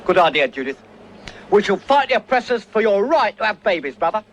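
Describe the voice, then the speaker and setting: A man playing an earnest, self-important male revolutionary leader in an old comedy film, speaking in a rapid, pompous way. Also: sits high, sing-song. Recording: old film clip with faint hiss.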